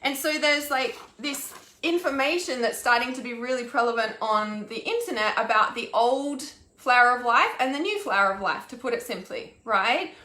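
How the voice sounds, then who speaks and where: A woman's voice: a little high, moderate pace, bright, forceful tone, roomy sound. A woman, an intuitive healer, ranting on a live stream, exasperated and swearing, with lots of restarts and "like". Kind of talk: angry live-stream rant.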